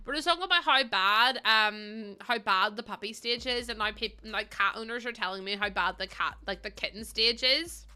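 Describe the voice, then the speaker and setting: Chatty bright-voiced young woman streamer. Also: fairly high pitch, moderate pace, hardly any pauses, clear, resonant tone. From UK or Ireland. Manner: chatty, rambling and exasperated, with frequent ums. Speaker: livestreamer. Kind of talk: casual chat with viewers.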